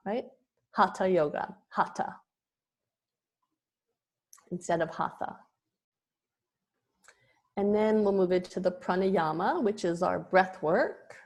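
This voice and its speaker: A woman yoga teacher talks through an online lesson at an unhurried, deliberate pace. She explains each term patiently, now and then pausing to restart a phrase, in a voice of middling pitch. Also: a little mellow.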